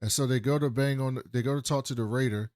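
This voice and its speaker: A podcast co-host with a medium-pitched voice talks fast while casually recapping a TV episode, animatedly acting out the characters' lines, swearing included. The recording is dry and of studio quality.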